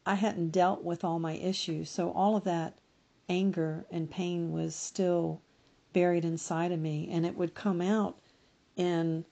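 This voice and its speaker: Middle-aged lady guest on a podcast, slow and thoughtful, keeps restarting her sentences, gravelly low voice. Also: warm tone, dull audio. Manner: slow, reflective, self-correcting. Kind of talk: personal testimony in an interview.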